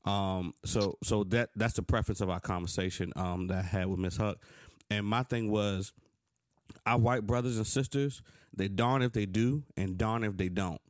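A man's voice: normal speed, no room sound, studio quality. A man in his thirties, co-hosting a podcast, who talks earnestly and tells stories with feeling. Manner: earnest, animated storytelling, rising pitch when frustrated. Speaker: podcast co-host. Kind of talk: casual conversation.

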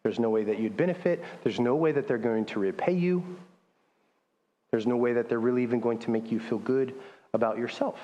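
A man's voice: mid-range voice, a little fast, warm tone, lo-fi sound. A man preaching a sermon as pastor, talking in a conversational way and reading scripture aloud. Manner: conversational, restarts often, reads scripture aloud. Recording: long hall reverb.

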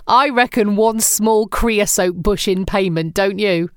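A woman's voice: medium pitch, a little slow, clear, resonant tone, dry recording, studio quality. A woman hosting a chatty news roundup in a wry, conversational way.

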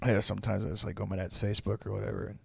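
A man's voice: fairly low pitch, level tone, very fast, vocal fry, breathy edge, no echo, clean studio sound. A man co-hosting a comedy podcast, telling a loose, rambling story between laughs. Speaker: podcast co-host. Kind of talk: casual comedy chat.

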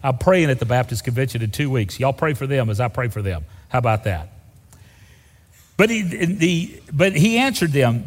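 A man's voice: medium pitch, very animated, moderate pace, in a large hall. A man preaching a sermon as a pastor, folksy and joking, acting out the people in the story. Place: church sanctuary.

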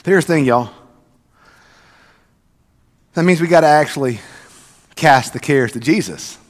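A man preaching a sermon as pastor, swinging from loud emphatic passages to soft near-whispers. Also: a little high, unhurried, big-room sound. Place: church sanctuary.

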